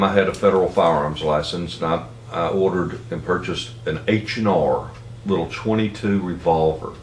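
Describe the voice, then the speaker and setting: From a distant mic in a roomy space comes a middle-aged Tennessee man's low voice, his Southern accent carrying a rambling, folksy, blunt tale. Slight background noise and faint ambience are audible.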